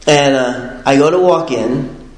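A man shares his story casually, rambling and animated, with constant fillers and quick laughs. His voice sits at a middle pitch and carries an echoey room sound. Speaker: speaker sharing his recovery story.

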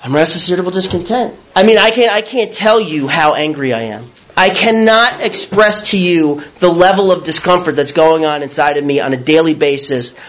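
Male speaker with a high voice giving a frank, animated recovery testimony. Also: a little fast, hardly any pauses. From New York. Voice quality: raw, blunt storytelling with crude words. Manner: animated, acts out his own past thoughts. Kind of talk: candid personal testimony.

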